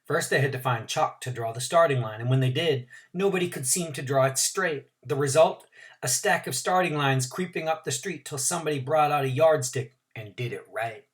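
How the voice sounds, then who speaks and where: A man's voice: on the high side, moderate pace. A man teacher reading a novel aloud to his class, adding asides and explanations for his students.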